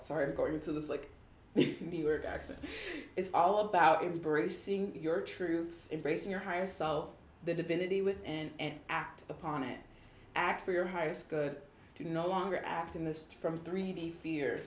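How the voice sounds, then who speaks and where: A woman's voice: sits low, steady tone, normal speed, roomy sound, slight background noise. A woman doing a casual tarot reading for viewers, upbeat and affirming as she reads card meanings aloud. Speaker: tarot reader.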